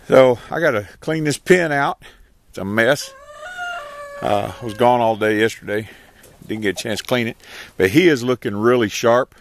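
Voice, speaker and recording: A man's voice: mid-range voice, normal speed, vocal fry, no echo. A man, casually narrating his chores outdoors in an animal pen, folksy and easygoing. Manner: folksy and rural, talks to his animals between explanations, calls dogs loudly. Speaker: homesteader filming his chores. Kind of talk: casual vlog narration while working.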